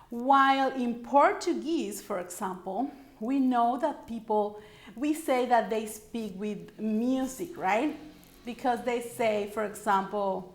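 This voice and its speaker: A slow-speaking woman with a fairly high voice coaches English intonation. She explains patiently and models example sentences aloud. The room gives her voice a noticeable echo. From Paraguay. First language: Spanish. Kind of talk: online language lesson.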